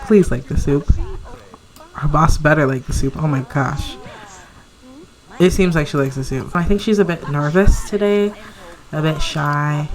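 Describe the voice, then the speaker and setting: A woman's voice: low voice, expressive, unhurried, long pauses. A young woman narrating her life-sim gameplay in a chatty, giggly way, cheering on her character. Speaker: let's play narrator. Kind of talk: casual gameplay commentary.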